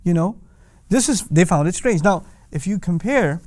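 Animated man teaching Quranic language. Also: sits high, moderate pace, dry recording, studio quality. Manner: animated, asks rhetorical questions, recites Arabic.

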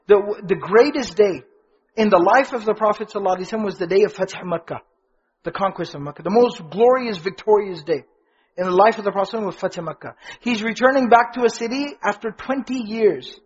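A man's voice: high voice, brisk, slightly rough, muffled recording. A man teaching a religious lesson to an audience in front of him, asking questions and repeating key phrases with stress. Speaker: Islamic teacher. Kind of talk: religious lecture.

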